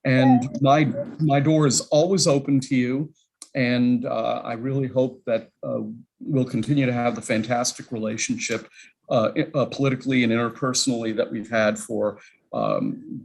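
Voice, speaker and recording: A man's voice: mid-range voice, poor audio. A man chairing a legislative committee, giving rambling opening remarks and often correcting himself mid-sentence over a video call.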